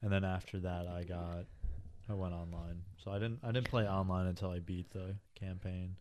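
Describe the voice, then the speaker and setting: A man co-hosting a casual podcast, relaxed and agreeable in quick back-and-forth talk. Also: low voice, noisy background. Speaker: podcast co-host. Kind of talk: casual chat.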